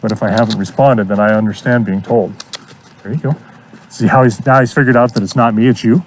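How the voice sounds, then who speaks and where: A man's voice: mid-range voice, fairly even intonation, fairly quick. Guy coaching horse work outside, upbeat, keeps saying good job, faint background noise. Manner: encouraging, repeats praise. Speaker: horse trainer. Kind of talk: hands-on coaching.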